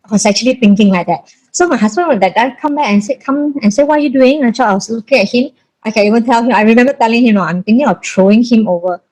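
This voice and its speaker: A woman's voice: on the high side, quick pace, a little mellow, poor audio. A woman in her forties with a Malaysian English accent, telling a personal story in colloquial, emphatic speech and acting out the voices of the people she quotes. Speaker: breastfeeding consultant.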